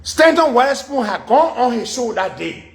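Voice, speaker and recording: A man's voice: extremely high pitch, moderate pace, gravelly. A middle-aged man, hosting a radio talk show and telling a long story, acting out the voices of the people he quotes. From Liberia. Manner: animated, acts out quoted dialogue in shifting voices. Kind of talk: storytelling monologue.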